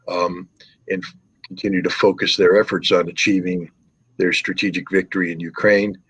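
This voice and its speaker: A man's voice: deep voice, fairly bright tone, breathy edge, dry recording, poor audio. A middle-aged man giving scornful, sarcastic political commentary in hammering repeated phrases. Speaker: guest commentator.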